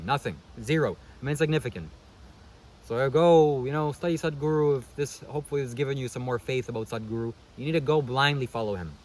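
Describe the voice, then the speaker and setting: A man's voice: mid-range voice, slight background noise, low-quality recording. A man vlogging a casual commentary monologue, sarcastic and preachy, who keeps calling the viewer "buddy" and checking "okay?".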